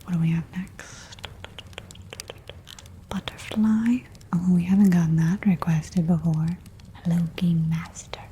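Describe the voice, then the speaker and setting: Slow, soft-whispering woman ASMR streamer. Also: lowish voice, steady tone, a little hiss or hum. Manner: soft soothing whisper, repeating trigger words.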